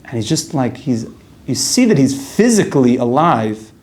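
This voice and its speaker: Mellow-voiced man teaching a Torah class. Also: mid-range voice, very animated, moderate pace. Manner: casual, conversational, with Hebrew and Yiddish terms. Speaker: yeshiva teacher.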